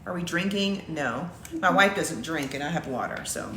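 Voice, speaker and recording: A woman's voice: deep voice, lively intonation, normal speed, a bit bright, reverberant, a little hiss or hum. A woman co-hosting a livestream, talking playfully in casual chat and laughing a lot. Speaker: co-host of a livestream. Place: home.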